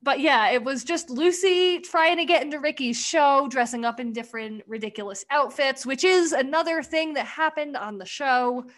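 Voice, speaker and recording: A woman's voice: high-pitched, normal speed, hardly any pauses. A woman in casual podcast chat, rambling through a sketch recap, swearing freely and acting out quoted lines. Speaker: podcast co-host.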